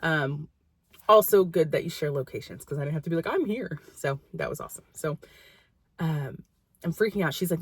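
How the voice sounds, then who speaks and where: A woman's voice: low voice, brisk, breathy edge, dry recording. A young woman vlogger telling a personal story in a rambling, casual way, full of fillers.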